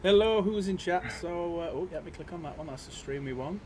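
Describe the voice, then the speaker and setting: A man hosting a casual livestream, jokey and laughing often, with loud cheerful greetings. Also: high-pitched, brisk, a crowd in the background. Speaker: livestream host.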